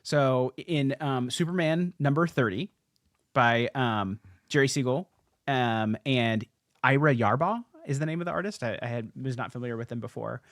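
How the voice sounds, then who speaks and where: A man's voice: medium pitch, moderate pace, no echo. A young man in the middle of his range hosts a casual chat about comics, recorded dry and close. He tells the stories with animation, stacking up "like"s and restarting lines as his thoughts race ahead. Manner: animated storyteller, many "like"s and restarts. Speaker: podcast host.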